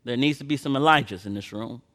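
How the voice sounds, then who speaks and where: A man preaches a sermon, shifting between quiet personal stories and loud, impassioned passages, and reads scripture in old-fashioned phrasing. He has a mid-range voice and talks fast.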